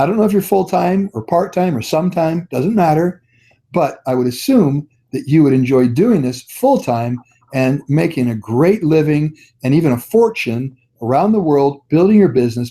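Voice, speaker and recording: A man's voice: fairly high pitch, lively intonation, moderate pace, dark tone. Folksy man giving a motivational sales talk. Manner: folksy storyteller, upbeat and encouraging. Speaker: network marketing trainer. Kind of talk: motivational training talk on a conference call.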